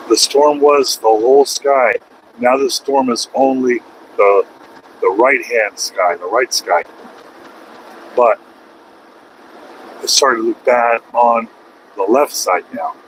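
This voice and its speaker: Male trucker vlogger, middle pitch, chatty, ranting at traffic, faint road hum behind. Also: slow pace, pauses often, low-quality recording. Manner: chatty, rants at other drivers. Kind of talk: casual driving vlog. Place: truck cab on the highway.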